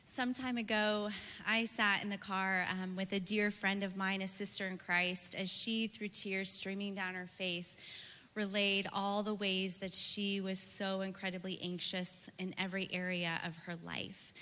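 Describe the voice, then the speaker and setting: A woman speaks with a bright, forceful voice in an earnest and personal way, often adding "right" as she goes. Her devotional talk carries a long reverb, as if heard in a large hall. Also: medium pitch, level tone, measured pace. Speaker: speaker at a church women's gathering.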